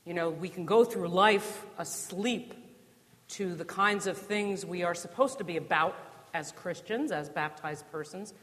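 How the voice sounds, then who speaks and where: A woman's voice: fairly low pitch, a little slow, fairly bright tone. A woman from New Jersey preaching a sermon in a conversational way, with rhetorical questions and dry humor, in a church. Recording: long reverb of a church.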